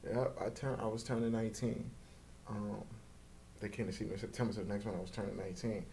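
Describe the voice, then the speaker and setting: Fast-talking young man telling his story. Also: on the low side, creaky, slight background noise. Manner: animated, acts out quoted voices, profane street slang. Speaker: guest. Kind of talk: casual storytelling interview.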